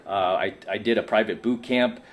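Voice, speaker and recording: A man's voice: on the low side, steady tone, normal speed, dull audio. A tired man giving an assertive, preachy coaching monologue to camera, often asking "right?". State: tired from lack of sleep. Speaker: self-help coach.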